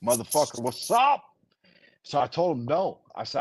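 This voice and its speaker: Husky profane man giving a rambling pep talk. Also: medium pitch, sing-song, moderate pace. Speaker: host. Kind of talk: casual podcast chat.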